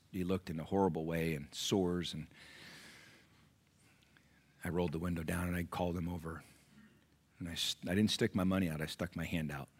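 A middle-aged man, a pastor, preaching a sermon that moves between quiet storytelling and loud, high-pitched exhortation.

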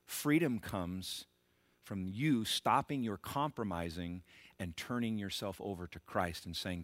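Emphatic preacher with a bright voice. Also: male voice, fairly low pitch, unhurried, no room sound. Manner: emphatic, rising to shouted bursts, repetitive preaching cadence. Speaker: pastor. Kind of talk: sermon.

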